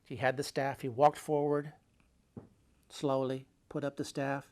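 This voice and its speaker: A man telling a personal travel story, dramatic and full of repeated phrases, swinging between loud urgency and hushed, low asides. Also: level tone, unhurried.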